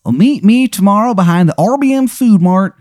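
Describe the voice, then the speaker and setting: A man putting on a high-pitched Baltimore wizard guy. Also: expressive, brisk, darkish tone, dry recording, clean studio sound. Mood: breezy smug. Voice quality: high nasal drawl, tacks on "hun". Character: cocky magical Baltimore man granting favors.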